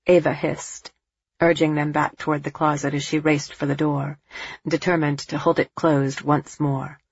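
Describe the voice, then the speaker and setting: Low husky lady reading a story, dramatic, kinda muffled lo-fi. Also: flat delivery, measured pace, no room sound. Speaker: narrator. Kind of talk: audiobook narration.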